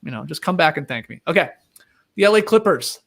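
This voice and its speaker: Man, podcast host, high voice, swoops up and down, jokey trivia delivery. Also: fast, gravelly. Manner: animated, joking, reeling off trivia. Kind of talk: casual sports chat.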